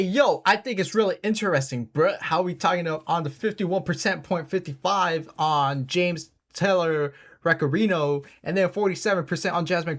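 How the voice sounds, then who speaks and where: A man putting on the voice of a swaggering young man who talks in loose street slang, pitched higher and louder than his own voice.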